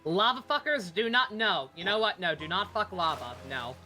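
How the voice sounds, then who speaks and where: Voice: mid-range voice, animated, normal speed, sharp tone, faint music behind. A streamer chatting casually over gameplay, swearing freely and laughing often.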